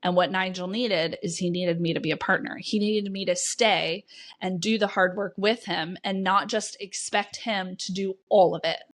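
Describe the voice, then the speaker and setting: A woman's voice: mid-range voice, steady tone, moderate pace. A woman coach hosting her own podcast, talking candidly and bluntly to listeners, swearing freely as she tells her own story. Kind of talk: candid solo podcast monologue.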